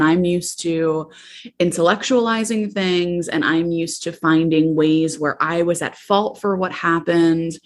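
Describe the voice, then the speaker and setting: Low, gravelly-voiced woman podcast host. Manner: reflective, candid, halting with fillers. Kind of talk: personal podcast monologue.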